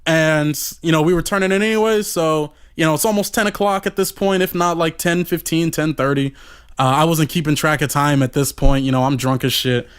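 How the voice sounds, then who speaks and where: A man's voice: on the high side, fairly quick, clear, resonant tone. A man telling a rambling, profane story on a podcast in a casual way, full of "you know" fillers.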